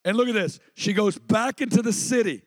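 High-pitched guy preaching in a church, chatty, keeps getting the crowd to repeat stuff, long reverb in the hall. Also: a little fast. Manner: conversational preaching that prompts the congregation to respond. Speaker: pastor. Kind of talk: sermon.

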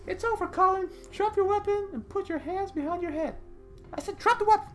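A hard-nosed woman detective with a high, squeaky edge to her voice, barking orders and threats in a clipped, no-nonsense way, as a man puts her on. Faint music sits behind her. The voice is pushed well above a man's natural register. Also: a little fast, fairly bright tone. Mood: commanding. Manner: high put-on voice, clipped tough-cop threats. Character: stern female detective Maggie, tough and commanding.

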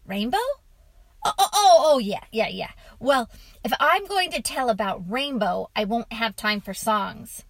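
Casting: woman reading as a patient dad spinning a bedtime tale, light higher voice, dry sound. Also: expressive, measured pace, dry recording. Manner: gently teasing, storytelling. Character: patient, teasing father telling a story. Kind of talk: storybook reading.

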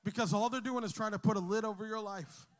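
A man who is a pastor, preaching a sermon to his congregation, telling a story with humor and rising to shouts. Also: sits high, steady tone, quick pace. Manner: storytelling, jokes with the crowd, builds to shouting. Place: church hall with a congregation.

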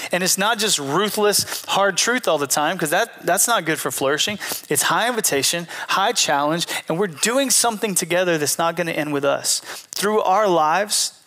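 A young man preaching a sermon in a casual, animated way, acting out quotes as he goes. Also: a little high. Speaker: pastor.

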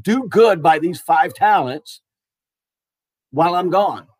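A man voicing a demanding wealthy master in a retold parable, emphatic and loud in praise and rebuke. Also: high voice, expressive, slow pace, slightly rough, exaggerated voice. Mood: instructing. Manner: emphatic, praising loudly then scolding.

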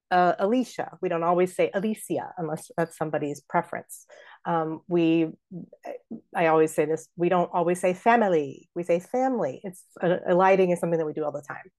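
A woman's voice: lowish voice, fairly even intonation, brisk, a little mellow. A middle-aged woman hosting a podcast, chattily explaining how to speak verse, with lots of fillers. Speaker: podcast host and theater artistic director.

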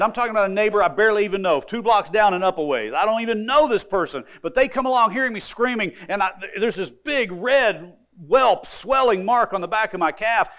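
A man preaching a sermon as pastor, telling the story dramatically and swinging between loud emphasis and quiet asides. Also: high-pitched.

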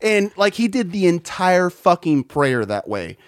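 A man chats casually on a podcast, spinning anecdotes peppered with profanity and bursts of laughter. His voice sits a little high for a man. The recording is dry and close, with no room sound. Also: very animated, measured pace, no echo. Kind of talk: casual chat.

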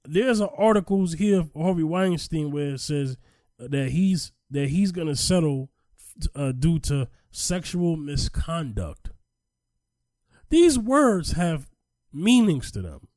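Podcast co-host, man, slightly high voice, emphatic storyteller, dry mic. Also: big pitch swings, slow pace, darkish tone, dry recording. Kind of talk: casual chat.

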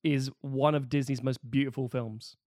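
A man's voice: mid-range voice, steady tone, moderate pace, darkish tone, no echo, clean studio sound. A man co-hosting a casual film podcast, chatty and wry as he reviews films.

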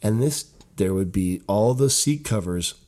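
A man co-hosting a casual podcast chat, telling a profane, animated story about his years managing gyms. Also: lowish voice, unhurried. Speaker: podcast co-host, gym manager.

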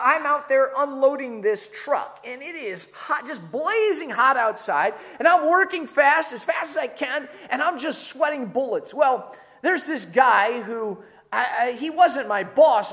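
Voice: high-pitched, fairly bright tone. A pastor preaching a sermon in an earnest, emphatic, conversational way.

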